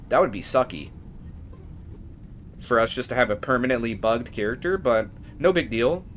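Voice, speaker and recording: A man streaming a game live, chatting casually to viewers and getting emotional and excitable, at times nearly shrieking. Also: mid-range voice, a little hiss or hum. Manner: emotional, excitable, shifts from calm to near-shrieking.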